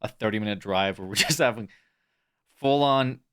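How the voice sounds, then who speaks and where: A man's voice: lowish voice, normal speed, clear, resonant tone. A young adult man chatting casually on a livestream, rambling with lots of fillers. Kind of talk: casual stream chat.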